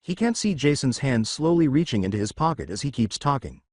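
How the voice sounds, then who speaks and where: Man narrating a story, lively pitch. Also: a little fast, no echo, studio quality. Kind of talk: scripted fan fiction narration.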